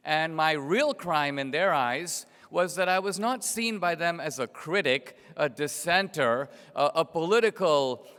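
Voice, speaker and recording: Middle-aged guy giving a sardonic storytelling speech, smooth resonant voice, big echoey hall. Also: a little high, a bit bright. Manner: storytelling, sardonic, rhetorical questions. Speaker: invited speaker. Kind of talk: political speech to an audience. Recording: long reverb of a large hall.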